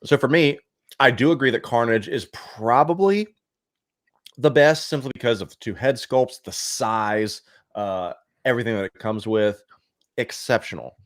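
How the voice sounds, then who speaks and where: A man's voice: mid-range voice, normal speed, dry recording, clean studio sound. A man from Cincinnati, co-hosting a casual podcast chat, blunt and opinionated, swearing freely. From Cincinnati, USA. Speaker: co-host.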